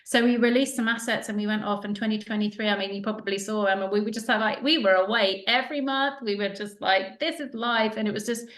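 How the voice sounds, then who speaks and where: A woman's voice: medium pitch, quick pace, few pauses. Chatty woman in a roomy space. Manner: chatty, animated, acts out quoted dialogue. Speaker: podcast guest, joy coach. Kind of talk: casual interview storytelling. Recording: roomy echo.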